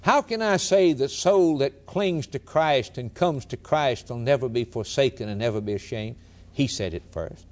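A man preaching with real earnestness, his voice climbing high on emphatic lines and sinking low on the solemn ones. He hammers points home by repeating phrases in a steady sermon cadence, with a pitch that stays lively throughout.

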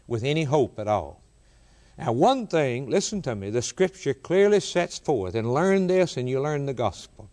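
A man preaching a sermon, rising in pitch to quote scripture and repeating key words for emphasis. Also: big pitch swings, normal speed, darkish tone.

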